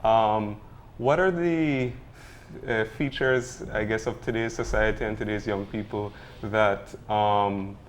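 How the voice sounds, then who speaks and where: Hesitant low-voiced male co-host. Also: fairly even intonation, slow, a little hiss or hum. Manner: hesitant, many fillers. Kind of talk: interview questions.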